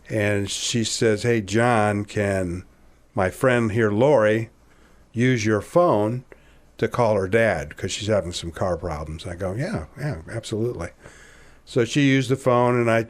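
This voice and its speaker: A man around sixty from Ohio, a podcast guest telling a personal story in a casual, animated way, acting out the dialogue and laughing at himself. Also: on the low side.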